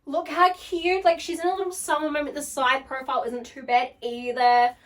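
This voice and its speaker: A woman's voice: high voice, fairly quick, far from the mic. A young woman vlogging in casual chat, bubbly and gushing, full of "like" as she tries on clothes at home. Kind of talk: casual try-on haul chat. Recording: voice picked up from across the room.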